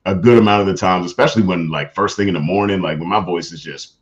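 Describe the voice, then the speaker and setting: A young man with a deep, low-set voice, chatting on a live stream in a laid-back, slangy way and laughing often. His desk mic comes through dull and lo-fi. He reads out viewer comments as he goes. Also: fast talker. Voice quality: deep natural voice. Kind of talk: casual chat with live chat readers.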